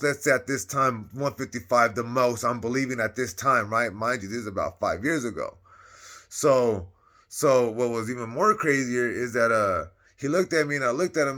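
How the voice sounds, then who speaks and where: Man from Northern California, bright voice, casual slangy storyteller, rambling, acts out the dialogue. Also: mid-range voice. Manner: slangy, rambling, animated retelling with quoted dialogue. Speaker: vlogger telling his story.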